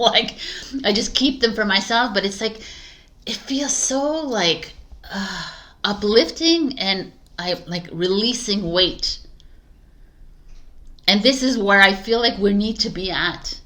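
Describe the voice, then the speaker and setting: Bright-voiced woman tarot reader, rambling. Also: on the high side. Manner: rambling, heavy use of "like", frequent soft laughs. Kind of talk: casual spiritual monologue.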